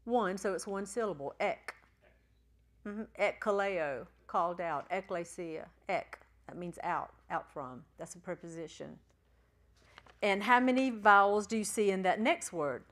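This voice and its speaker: A woman teaching a church class, patiently spelling out letters and sounding out syllables slowly. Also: medium pitch, lively intonation, fairly bright tone. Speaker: Bible Greek teacher.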